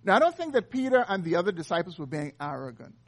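A man's voice: high-pitched, sing-song, fast. A man preaching an earnest expository sermon, reading and explaining scripture. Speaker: pastor.

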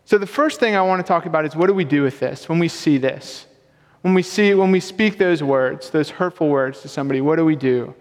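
Slightly high-voiced and a touch fast, a young man gives a sermon as a pastor. His tone is easygoing and chatty with self-deprecating jokes, and the recording carries a long, hall-like echo.

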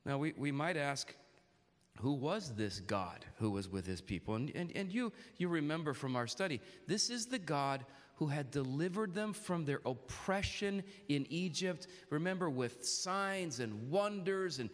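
Man, preacher, sermon, earnest, questioning, slightly high voice, long echoing hall. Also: animated, measured pace. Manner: earnest, with many restarts and direct questions to the congregation.

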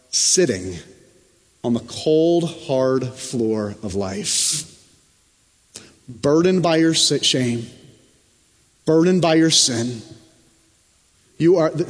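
A male pastor preaches a sermon in an unhurried, deliberate cadence, his voice sitting a bit high for a man. He drives home phrases with emphasis, then drops into hushed, low stretches. A long church reverb trails every word. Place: church sanctuary.

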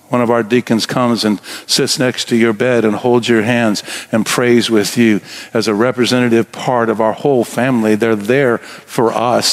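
A middle-aged man preaching a sermon as pastor in a church sanctuary, earnest and building to emphatic exhortation. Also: medium pitch.

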